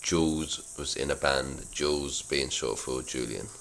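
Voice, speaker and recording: Young man, very low voice, self-mocking script read-through, halting. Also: fairly bright tone, slight background noise. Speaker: channel host reading his old script. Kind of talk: reading aloud with asides.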